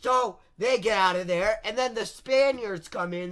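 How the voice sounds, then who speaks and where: A man's voice: high-pitched, unhurried, hardly any pauses, fairly bright tone. A young man narrating history as a crude, rambling comedy bit, mocking and swearing as he goes. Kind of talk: comic history explainer.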